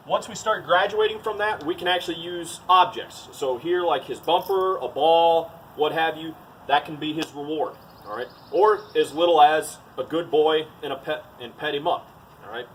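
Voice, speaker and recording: A man's voice: fairly high pitch, distant mic, a little hiss or hum, low-quality recording. A man teaching dog training in a casual, to-the-point way, often saying "all right" between steps. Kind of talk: casual outdoor training demo.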